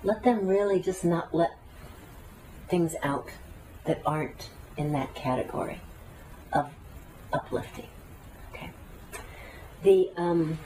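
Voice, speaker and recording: Woman teacher, low and mellow, heard from afar. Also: distant mic, slight background noise, rough recording. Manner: earnest, talkative, guides breathing exercises. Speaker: meditation teacher. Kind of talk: spoken teaching to a class.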